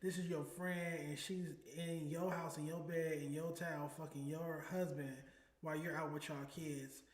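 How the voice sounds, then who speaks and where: A man's voice: on the high side, little pitch movement, moderate pace. A man hosting a casual reaction chat, brash and profane in his comments. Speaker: host. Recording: echoey room.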